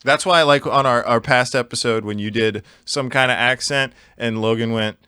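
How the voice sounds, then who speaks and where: A man from Louisiana co-hosting a podcast, swearing casually and laughing often in a relaxed late-night chat. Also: mid-range voice, moderate pace, clean tone, dry recording, studio quality. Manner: laid-back, swears freely, laughs often. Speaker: podcast co-host.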